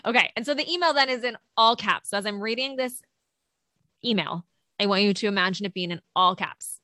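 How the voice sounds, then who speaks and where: A woman co-hosting a teaching podcast, talking in a lively, chatty way and laughing easily. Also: medium pitch, fairly quick, dry recording. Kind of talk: casual podcast chat.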